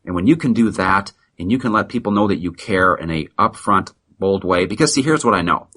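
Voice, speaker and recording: A middle-aged man with a very low voice pushes a motivational sales pitch with blunt, preachy emphasis. His tone is tense and driving, and there is a husky grain to it. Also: animated, a little fast, bright, forceful tone. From United States. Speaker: practice consultant guest.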